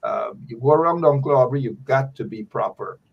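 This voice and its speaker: A male talk show host with a husky, slightly breathy voice. He tells stories in a loose, playful style, at an even middle pitch. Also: fairly quick, distant mic, lo-fi sound. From Guyana. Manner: storytelling, playful. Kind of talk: casual talk show chat.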